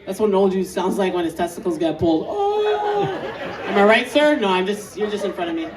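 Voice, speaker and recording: A woman's voice: mid-range voice, fast talker. A woman doing a stand-up comedy set, laughing often and putting on voices of old men and patients. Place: outdoor show. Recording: roomy distant outdoor recording, loud crowd and noise. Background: crowd laughter.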